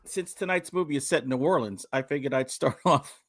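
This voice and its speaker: A man's voice: mid-range voice, a little fast, a bit bright. A middle-aged man hosting a horror podcast, chatting casually with a jokey, playful manner. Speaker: podcast host. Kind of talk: casual chat.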